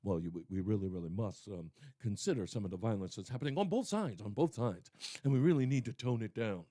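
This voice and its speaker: A male radio host voicing a prim politician who hesitantly urges calm in a slow, condescending way. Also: fairly low pitch, dry recording, clean studio sound, pitched below the performer's own voice. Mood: mock-calm.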